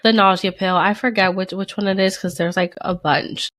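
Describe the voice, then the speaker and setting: A woman's voice: mid-range voice, fairly even intonation, moderate pace, a bit bright, no echo. A young woman co-hosting a podcast, telling a personal story in casual chat and acting out the people she quotes with big jumps in her voice. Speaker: podcast co-host.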